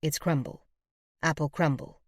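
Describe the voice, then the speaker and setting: A woman's voice: deep voice, fairly even intonation, a little slow, dry recording. A woman doing a drawling British man, cool and dry. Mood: cool teasing. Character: cool, dry British male band manager.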